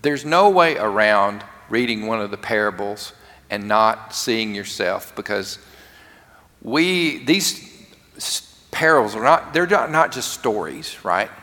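A man preaching a lively, conversational sermon to his congregation, acting out quotes along the way. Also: on the low side, takes it slowly. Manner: animated, conversational, acts out quotes. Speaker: pastor. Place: church sanctuary. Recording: long reverb of a large church hall.

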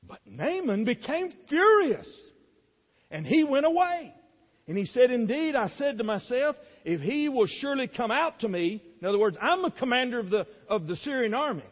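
A man preaching a sermon, reading scripture and acting out the characters with heated, rising delivery, then dropping quiet to reflect. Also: sits high, expressive, moderate pace, in a large hall, lo-fi sound. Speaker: pastor.

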